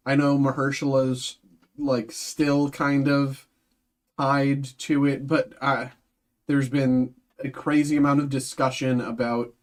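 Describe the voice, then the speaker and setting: A man's voice: mid-range voice, flat delivery, takes it slowly. A man hosting a livestream, thinking aloud in casual chat, hesitant and full of ums and restarts. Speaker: card break host.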